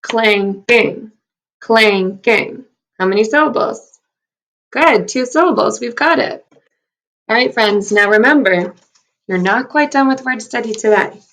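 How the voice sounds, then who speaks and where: This is a recorded phonics lesson from a woman first grade teacher, who speaks slowly and clearly while sounding out letters and syllables. She's upbeat, encouraging and animated, her voice on the high side and fairly bright.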